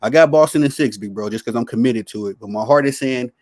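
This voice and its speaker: A man talking casually about basketball picks, relaxed and laughing often. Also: medium pitch, quick pace, no echo, studio quality. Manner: relaxed, laughing, easygoing banter. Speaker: podcast guest. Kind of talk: casual sports talk.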